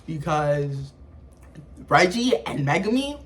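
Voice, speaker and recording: A man reviews anime in casual, hyped commentary. His voice sits high and he talks with animated energy, full of slang and sound effects. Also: measured pace.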